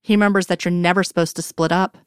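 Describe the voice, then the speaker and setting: A woman reading a story aloud in an even, measured narration. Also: lowish voice, clean tone, no room sound, clean studio sound. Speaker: reader. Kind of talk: storytelling narration of fan fiction.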